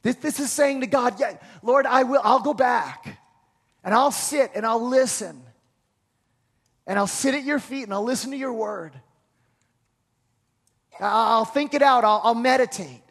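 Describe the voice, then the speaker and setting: A man preaching a sermon as pastor, emphatic and repetitive, sometimes dropping to a hushed prayerful voice. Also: very high-pitched, unhurried, long pauses.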